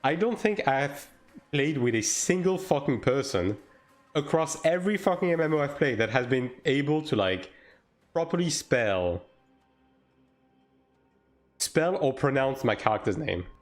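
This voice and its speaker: A man's voice: mid-range voice, animated, a little slow, pauses often, soft background music. A man streaming a game live, talking casually and swearing as he chats with viewers. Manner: casual, profane, talks to chat while playing. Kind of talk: live-stream gaming commentary.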